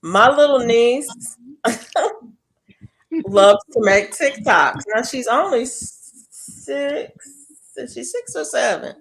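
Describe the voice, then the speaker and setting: A middle-aged woman hosting a casual chat with friends, telling animated stories and laughing often. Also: a little high, slow, gravelly, long pauses, poor audio. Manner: animated storyteller, laughs often, Southern-style "y'all". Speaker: show host.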